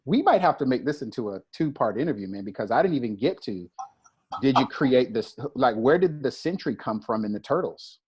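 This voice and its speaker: A man hosts an interview and asks his guest questions in a casual, relaxed tone. His voice is husky and sits at a middle pitch. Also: brisk. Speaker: interview host.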